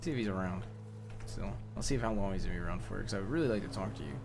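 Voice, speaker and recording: A man streaming a game role-play who rambles in a halting way and turns husky when he talks quietly. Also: low-pitched, animated, music in the background. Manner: rambling, halting, restarts a lot.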